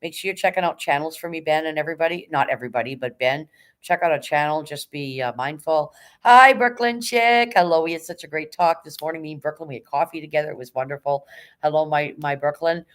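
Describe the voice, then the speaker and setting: A woman's voice: low-pitched, steady tone. Woman livestream host, chatty, encouraging, rattles off like an auctioneer when hyped. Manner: hyped, rapid auctioneer-like patter; chatty, encouraging, swears casually. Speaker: livestream host reading chat. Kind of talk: casual live-stream chat.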